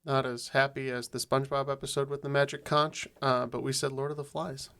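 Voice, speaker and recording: A man competing on a trivia podcast, reasoning aloud in a measured way. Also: mid-range voice, flat delivery, a bit bright, clean tone. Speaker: quiz contestant. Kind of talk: casual game show chat.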